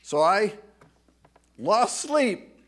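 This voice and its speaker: A man preaching a sermon with emphatic delivery, rising loud when reading scripture aloud, with some halting restarts. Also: high-pitched, big pitch swings. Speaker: pastor.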